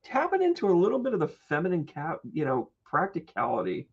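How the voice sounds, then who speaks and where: A man with a fairly high, gravelly voice hosts a live tarot reading and jokes with his viewers as he goes. The stream audio sounds dull and lo-fi. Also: huge pitch swings. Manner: playful and joking, quick asides and laughs. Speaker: psychic medium and tarot reader.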